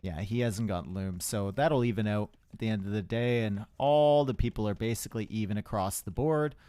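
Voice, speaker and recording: A man's voice: fairly low pitch, a little fast, warm tone, no echo, clean studio sound. A young man casting a live strategy game match, chatty and rambling, with asides to his chat. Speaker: esports caster.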